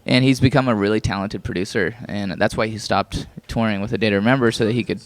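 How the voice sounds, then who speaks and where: A low-voiced man talks about touring in a loose, joking interview. He fills his sentences with "like" and "um", and his voice sounds a little hoarse. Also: fast talker, no room sound. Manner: relaxed, joking, lots of fillers. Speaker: band member. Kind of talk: casual interview chat.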